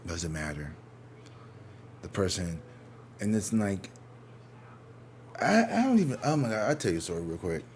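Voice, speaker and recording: A man's voice: low voice, lively intonation, normal speed, long pauses, a little mellow, slight background noise. A man giving a casual tarot reading at home, talking in a candid, profane, rambling way and breaking into exaggerated mocking voices when he quotes people. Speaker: tarot reader. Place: his own living room.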